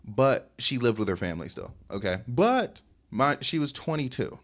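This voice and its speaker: A man in his twenties, rambling through a casual dating storytime with lots of fillers and sudden jumps in pitch. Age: 20s. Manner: fast rambling talk with many fillers, lively jumps in pitch; reads text messages aloud in a lower, softer voice. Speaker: vlogger telling a dating story.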